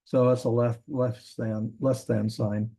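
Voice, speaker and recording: A man gives a classroom lecture in a dark, mellow voice. He talks in a loose, rambling way, stopping often to say um and correct himself. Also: medium pitch, takes it slowly, gravelly, husky. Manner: relaxed, rambling, frequent ums and self-corrections. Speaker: Hebrew teacher.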